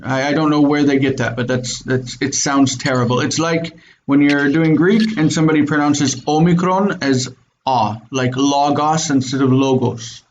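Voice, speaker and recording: A man's voice: a little high, moderate pace, dull audio, a little hiss or hum. A man teaching Biblical Hebrew in an online class, explaining step by step and checking in with his students. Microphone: video call.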